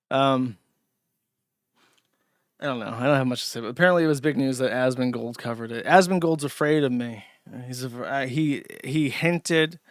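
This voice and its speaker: A man's voice: mid-range voice, a bit bright, no echo, studio quality. A man hosting a livestream from home, rambling and swearing casually, easily exasperated. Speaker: show host. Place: home in a trailer park.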